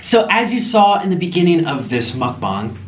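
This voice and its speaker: This mukbang vlogger's voice is high-pitched with big swings, at normal speed, as he eats on camera at home and chats casually and effusively with viewers, occasionally mid-bite. Faint music plays in the echoey room.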